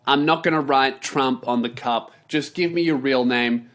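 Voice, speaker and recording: A man's voice: mid-range voice, moderate pace, a bit bright, pitched below the performer's own voice, natural voice. A man voicing a fed-up young female barista who talks bluntly and swears.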